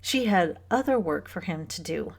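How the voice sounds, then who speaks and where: A woman narrating a novel aloud in a measured, even storytelling manner. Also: lowish voice, gravelly. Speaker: audiobook narrator. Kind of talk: scripted audiobook narration.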